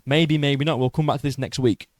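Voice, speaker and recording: A young man recapping a fight in an excitable, boastful way, swearing and tripping over his words. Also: mid-range voice, fairly quick, no room sound, studio quality. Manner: boastful, excitable, swears a lot, stumbles and repeats. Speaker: MMA YouTuber.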